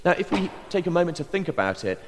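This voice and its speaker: A middle-aged English man from Bristol with a posh southern accent, a vicar giving an earnest, measured personal testimony as a sermon. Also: high voice, sing-song, big-room sound. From Bristol, England. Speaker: vicar and pastor.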